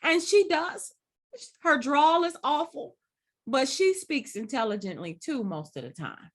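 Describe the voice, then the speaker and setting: A woman in her forties co-hosting a casual podcast chat. Her voice sits on the high side and swings widely in pitch, and she talks expressively with quick laughs and short reactions. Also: sing-song. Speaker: podcast co-host.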